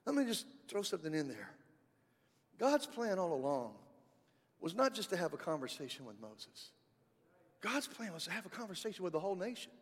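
A man preaching a sermon as a pastor, animated, moving from loud emphasis to soft, close tones. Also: sits high, fairly quick, pauses often, husky, long reverb tail.

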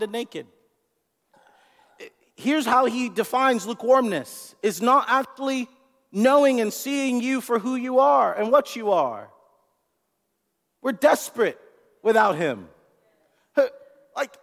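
A man preaching a sermon in an animated way, repeating words and asking the congregation questions. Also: high-pitched, moderate pace. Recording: long hall reverb.

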